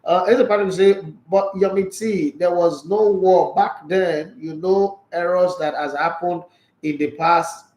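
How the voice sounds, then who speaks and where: Man, Nigerian English accent, casual sports talk host, animated, rhetorical questions, fairly high voice, roomy echo. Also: measured pace. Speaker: sports show host reading viewer comments. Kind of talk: casual live commentary chat.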